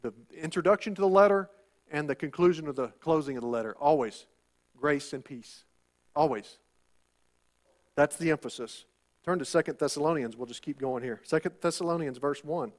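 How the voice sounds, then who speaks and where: A man preaching with a high, light voice. He leans on repeated lines and rhetorical questions, calling out to the congregation for an "Amen". His delivery is emphatic and insistent. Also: a little fast. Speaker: pastor. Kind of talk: sermon.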